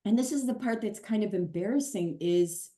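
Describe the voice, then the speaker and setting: Middle-aged woman, pastor, candid guest talk, earnest, animated, echoey room. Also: medium pitch, normal speed. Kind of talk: candid podcast conversation. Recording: roomy echo.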